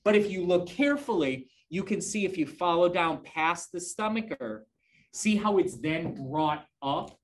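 A man's voice: high-pitched, animated, a little slow. A man giving a live class lecture on slides, enthusiastic, often pointing things out and checking in with the listeners, and answering student questions conversationally. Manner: enthusiastic, keeps prompting listeners with "notice" and "right?". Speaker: lecturer on fashion history.

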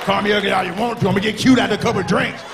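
A man doing a stand-up comedy routine on stage, talking in an animated way and acting out characters in quick voices. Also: high voice, gravelly. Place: comedy club stage before a live audience. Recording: live show with crowd laughter and faint noise.

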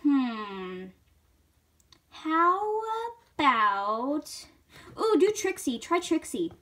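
A woman with a very high, lively voice chats playfully between character impressions. She talks slowly and casually, like a fan video.

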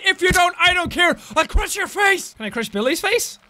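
A man giving loud, excitable let's-play commentary, shouting, swearing and joking as he plays. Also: extremely high pitch, a little fast, hardly any pauses. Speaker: gaming video host. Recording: noisy recording.

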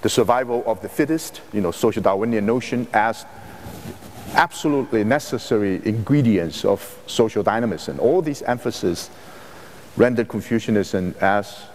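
A man with Chinese as his first language delivers a university lecture at a measured, halting pace, stopping to rephrase his points. His voice sits fairly low. The recording carries the long reverb of a lecture hall. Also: darkish tone, a little hiss or hum. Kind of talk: academic lecture.

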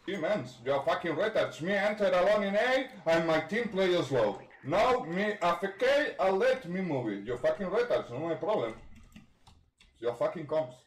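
A man in game voice chat, taunting teammates in broken English and yelling insults. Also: high voice, expressive, normal speed, reverberant. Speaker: online game troll.

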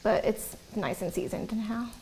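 A woman's voice: medium pitch, moderate pace, a little mellow, slight background noise. A woman chatting casually and asking curious questions while cooking on a show, with frequent giggles. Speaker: co-host.

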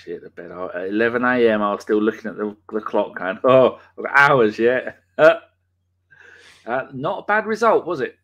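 A man's voice: on the low side, animated, a little fast, fairly bright tone, muffled recording. A man, hosting a live podcast and chatting casually, reading out viewers' names with banter and the odd swear. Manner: banter, reads chat names aloud, swears. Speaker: podcast host. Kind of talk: casual live-stream chat.

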